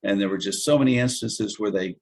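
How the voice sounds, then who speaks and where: A man's voice: fairly low pitch, brisk. A man in his seventies, an Army veteran being interviewed, recounting old stories in a wry, chuckling way. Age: 70s. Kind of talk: casual storytelling interview.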